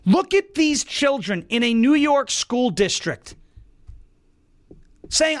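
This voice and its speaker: A man's voice: very high voice, lively intonation, slow. A man hosting an opinion show, delivering indignant, emphatic commentary. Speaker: political commentary host.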